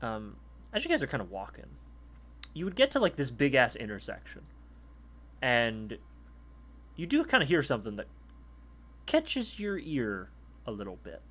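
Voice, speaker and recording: A man's voice: medium pitch, wildly swooping pitch, moderate pace, pauses often, a bit bright. A man narrating a tabletop game as game master in a casual, profane way. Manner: casual, profane, laughs easily.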